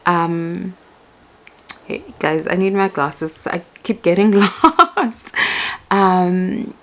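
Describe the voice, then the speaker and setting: A woman in her forties reading Bible verses aloud and reflecting on them in a casual home vlog, with slow pauses and soft laughs. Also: lowish voice. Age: 40s. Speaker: vlogger. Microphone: clip-on mic.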